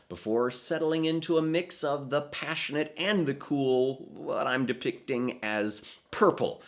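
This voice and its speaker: Male presenter, mid-pitched voice with a lot of melodic movement, measured and emphatic, reading a prepared talk. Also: fairly bright tone. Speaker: theatre presenter. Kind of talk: scripted explanatory narration.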